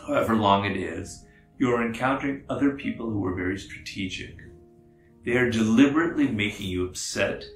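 A man who writes on strategy, talking through his ideas in a measured, explanatory monologue and repeating phrases for emphasis. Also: fairly low pitch, a bit bright. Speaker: author speaking on strategy. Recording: roomy echo, faint guitar music behind.

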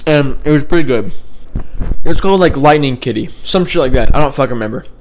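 A young man vlogging casually from his bedroom, rambling and swearing with a deadpan, sarcastic manner. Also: mid-range voice, quick pace, slight background noise. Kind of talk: casual vlog chat. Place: home bedroom.

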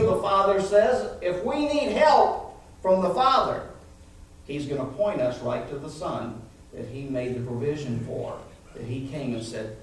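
A man's voice: a little high, measured pace. Man preaching in an echoey hall. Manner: animated preaching, calls out "amen?" to the congregation. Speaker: pastor. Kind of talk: sermon. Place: church sanctuary. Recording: echoey church hall, mic from far off.

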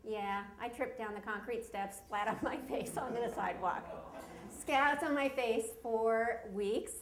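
A woman's voice: fairly high pitch, unhurried, a crowd in the background. A woman performing a self-deprecating, humorous personal story at a live story slam on a stage microphone. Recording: roomy live venue.

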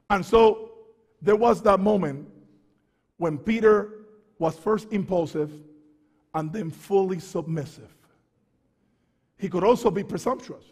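A man preaches with fervor, his voice sitting high for a man and dropping to low, quick asides before rising to shouts. He repeats and stumbles over words as he builds. Long reverb from a large church hall trails behind him. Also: slightly rough. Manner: fervent preaching, swings from quiet to shouting. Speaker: pastor. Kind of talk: sermon.

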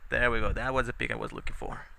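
A man's voice: mid-range voice, steady tone, quick pace, gravelly, pushed and bright, slight background noise. A young man giving casual, sarcastic let's-play commentary, swearing often and muttering in frustration at the game.

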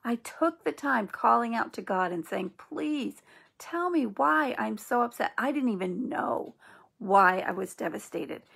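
A middle-aged woman with a gravelly, husky voice gives earnest spiritual encouragement. She talks gently and reassuringly, in an even middle pitch. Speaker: host of an inspirational channel.

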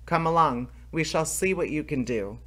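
A man reading aloud as a pair of sneaky grown thieves in a storybook, hushed and urgent. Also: on the high side, lively intonation, normal speed. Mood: scheming.

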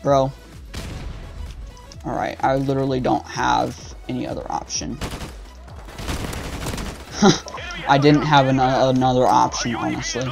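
A young man talks through a shooter match in loose slang, grumbling and trash-talking his teammates. His voice sits at an ordinary middle pitch. Faint background music and gunfire play under his talk. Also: little pitch movement, measured pace, vocal fry, long pauses. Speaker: gaming channel host. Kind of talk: live gameplay commentary.

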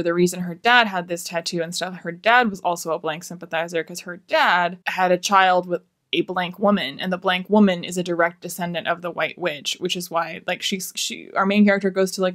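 A woman giving a casual, rambling book review, sounding exasperated and swearing freely. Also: lowish voice.

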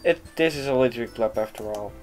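A man's voice: medium pitch, fast, darkish tone, faint music behind, natural voice. A man reading a nervous, self-doubting teenage boy's narration aloud in a plain, subdued voice. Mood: uneasy.

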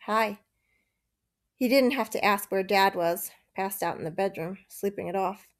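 A woman reading a children's novel aloud, steady and measured. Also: medium pitch. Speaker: narrator. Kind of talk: storybook reading.

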